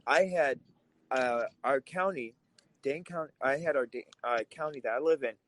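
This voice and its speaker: A podcast co-host who grew up in Russia talks politics in a heated, emphatic way, fired up and swearing when he gets angry. His voice sits at a medium pitch and moves at a normal speed, and the recording is rough.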